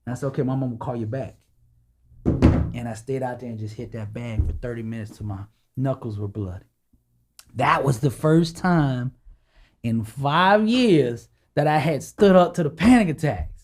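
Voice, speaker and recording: A man tells a personal story as a podcast guest. He talks in an animated way, acting out each exchange in the story. His voice sits at a middling pitch. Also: normal speed. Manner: animated, acts out dialogue in the telling. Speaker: interview guest.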